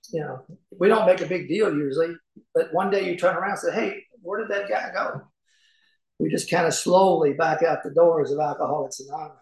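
A middle-aged man from Kentucky telling personal recovery stories in a folksy way, acting out the voices in them. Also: on the high side. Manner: folksy storyteller, acts out voices, chuckles often. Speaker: speaker at a recovery meeting. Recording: echoey room.

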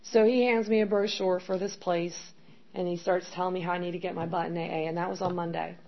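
A middle-aged woman talks briskly through her recovery story as candid testimony, her lowish voice showing little pitch movement. She rambles with many fillers, captured in dull lo-fi sound with a faint noise floor.

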